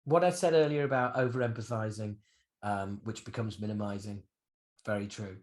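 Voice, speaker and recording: A man in his fifties, a guest musician telling stories animatedly in a candid interview, swearing freely. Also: moderate pace. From United Kingdom. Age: 50s. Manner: animated storyteller with swings in pitch and loudness, swears freely.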